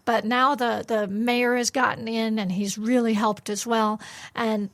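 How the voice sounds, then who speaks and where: A woman co-hosting a faith radio breakfast show, chatting casually and often pausing with fillers. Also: on the high side, level tone, fairly bright tone. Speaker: radio co-host.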